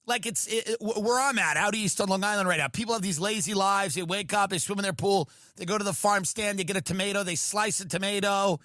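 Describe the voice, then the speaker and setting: Bright-voiced man on a comedic rant. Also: high voice, fast, few pauses, no room sound, clean studio sound. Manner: profane, animated riffing. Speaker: podcast host.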